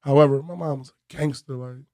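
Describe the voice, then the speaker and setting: A man from Philadelphia, a comedian guest telling a story on a podcast in a lively way and acting out the voices of the people in it. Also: mid-range voice, brisk, no room sound, studio quality. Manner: animated storyteller who acts out voices, bursts into loud laughter.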